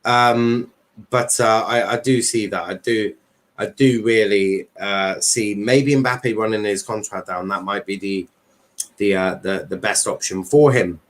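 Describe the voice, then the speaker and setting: A man's voice: fairly low pitch, fairly even intonation, measured pace. A man hosting a casual football chat stream, talking in a rambling way with many fillers and restarts. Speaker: livestream host.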